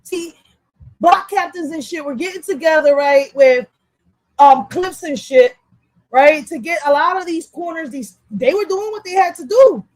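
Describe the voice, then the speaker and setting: A young woman, ranting on a livestream in an animated, profane and heated way. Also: very high-pitched, no room sound, poor audio. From Philadelphia. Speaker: vlogger. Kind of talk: livestream rant.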